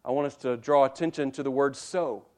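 A man preaches emphatically to his congregation, addressing them directly and repeating words as he builds a point, his delivery dropping to a hush before rising loud. His voice is mid-range and steady in tone, with a slightly fast pace.

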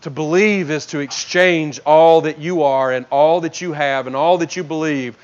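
A man preaching an expository sermon, swinging between loud emphatic bursts and soft low drops, often stammering and restarting. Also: fairly even intonation, moderate pace, lo-fi sound. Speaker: pastor.

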